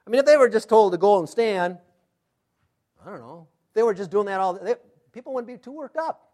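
Guy preaching a sermon, high voice for a man, fires off questions, goes loud then soft. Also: lively intonation, a little fast. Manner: emphatic, rhetorical questions, swings loud to soft. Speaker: pastor.

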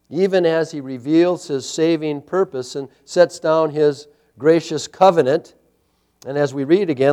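Guy preaching hard, kinda high voice, repeats stuff for emphasis. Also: a little mellow. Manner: emphatic preaching with rising intensity and repetition. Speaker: pastor. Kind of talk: sermon.

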